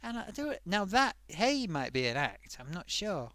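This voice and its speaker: A man's voice: high-pitched, very animated, unhurried, sharp tone, no echo. A man hosting a casual live stream, reading out forum comments with a chatty, self-amused manner.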